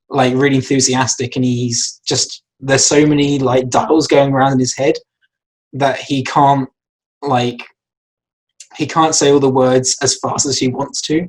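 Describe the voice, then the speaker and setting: A man's voice: medium pitch, husky, rough recording. A man, an animator, explaining his acting choices for a shot in a casual, rambling way with many fillers and restarts. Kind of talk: casual lesson talk.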